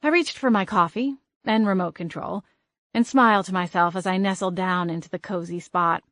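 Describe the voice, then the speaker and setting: Expressive woman narrating an audiobook, dry. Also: fairly low pitch, dry recording. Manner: expressive, brisk character reading.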